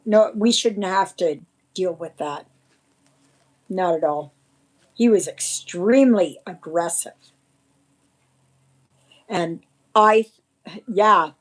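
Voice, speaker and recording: A woman hosting a casual livestream, rambling in a shaken, indignant way. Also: fairly low pitch. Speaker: livestream host.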